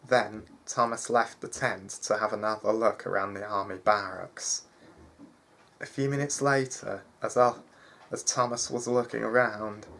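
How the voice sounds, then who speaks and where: A man reading a fantasy story aloud in a halting way, with frequent restarts. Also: on the low side, gravelly, fairly bright tone. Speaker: narrator.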